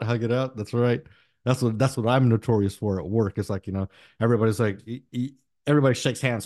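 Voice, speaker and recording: A male podcast host in loose, easygoing conversation, peppering every thought with cheerful swearing and bursts of laughter. His voice sits at an ordinary middle pitch, and the recording is close and dry, with no room sound around it. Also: fast, dry recording. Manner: profane, laughing, animated storyteller. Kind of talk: casual chat.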